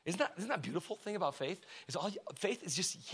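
High-voiced, fiery male preacher. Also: fast talker, few pauses, breathy edge. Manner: energetic, swings from shouting to hushed talk; slangy and conversational, asks the crowd questions. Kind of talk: sermon. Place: church before a congregation.

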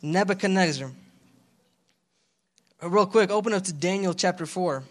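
Young man, pastor, high voice, slangy casual sermon, animated, calls out to congregation. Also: moderate pace.

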